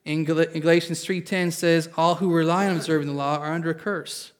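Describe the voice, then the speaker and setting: A man's voice: a little high, steady tone, a little fast. A man pastor preaching a sermon at a church service. He reads scripture aloud, explains it in plain words, and calls on the congregation for an amen.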